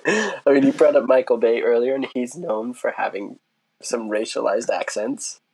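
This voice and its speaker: A man's voice: mid-range voice, normal speed, darkish tone, slightly rough. A man co-hosting a podcast, teasing his partner in a mock-serious way and laughing often. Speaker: podcast co-host. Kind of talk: casual podcast banter.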